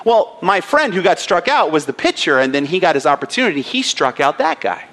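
A pastor in his thirties delivers an earnest, emphatic sermon in a notably high voice. He leans into points with personal stories and plain conviction. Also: sing-song, brisk, a bit bright.

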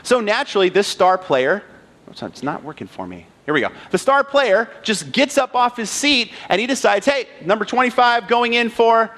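A man with a somewhat high voice preaches from the pulpit. He turns a film scene into a lively story, acting out each moment. Now and then he throws a question out to the congregation. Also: normal speed. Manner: animated retelling, acting out scenes; rhetorical questions to the audience. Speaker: pastor. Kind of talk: sermon with storytelling.

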